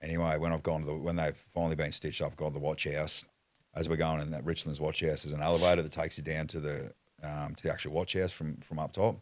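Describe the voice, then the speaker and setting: Very deep-voiced Australian man, swearing freely. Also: little pitch movement, quick pace, no echo. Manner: blunt, heavy swearing, acts out quotes. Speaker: podcast guest. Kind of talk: casual storytelling.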